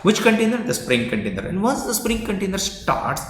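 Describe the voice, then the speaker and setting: Emphatic trainer, echoey room. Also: male voice, sits high, big pitch swings, brisk. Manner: emphatic, repeats points, coaxes replies. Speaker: software trainer. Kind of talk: live online coding workshop. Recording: echoey roomy sound, long reverb, faint noise.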